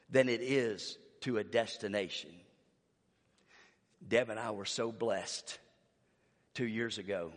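Slow, dramatic preacher man. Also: lowish voice. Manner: dramatic swings from hushed to shouting. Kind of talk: sermon. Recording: long hall reverb.

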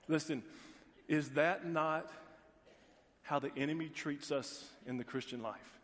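A middle-aged man preaching a sermon as pastor, telling stories with folksy asides and animated voices for the people in them. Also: fairly high pitch, measured pace, pauses often. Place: church sanctuary. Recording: long reverb of a large hall.

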